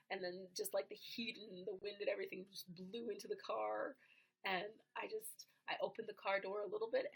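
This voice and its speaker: A young woman hosting a casual livestream, rambling through her day with lots of "like" and quick laughs. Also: medium pitch, vocal fry, fairly bright tone, breathy edge. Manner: rambling, chatty, many "like"s, laughs often. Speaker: livestream host.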